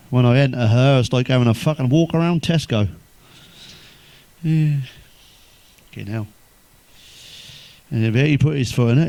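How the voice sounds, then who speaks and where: A man's voice: medium pitch, normal speed, pauses often, smooth, no echo. Swearing English man telling crude jokes. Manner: swears constantly, deadpan one-liners, chuckles at own jokes. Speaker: stand-up comedian. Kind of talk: crude stand-up joke telling.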